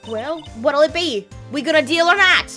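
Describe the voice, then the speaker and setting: A woman's voice: high-pitched, animated, moderate pace, pushed and bright, faint music behind. A woman doing a drawling southern gal photographer. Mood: wheedling. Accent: put-on Southern US. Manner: drawling, folksy, wheeling-dealing. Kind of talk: reading a game's dialogue aloud.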